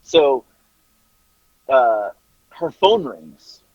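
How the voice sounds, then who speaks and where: A man's voice: mid-range voice, animated, very slow, no room sound. A man on a podcast telling a story casually, swearing freely and laughing through it. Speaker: podcast co-host. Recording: dry, slightly dull recording.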